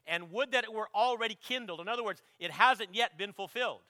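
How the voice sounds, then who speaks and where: Male pastor, higher-pitched and bright, emphatic sermon delivery, dry close sound. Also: fairly quick, no room sound. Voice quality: clears throat often. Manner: emphatic preaching, swelling loud on quotes, dropping low to reflect.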